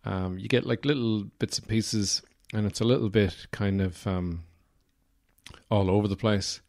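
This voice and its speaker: Irish male podcast host, lowish voice, casual rambling delivery, filler-heavy, dry self-mocking humor. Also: steady tone, measured pace, a little mellow. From Ireland. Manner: rambling and digressive, many "uh" fillers; wry, self-deprecating humor. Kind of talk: casual solo podcast talk.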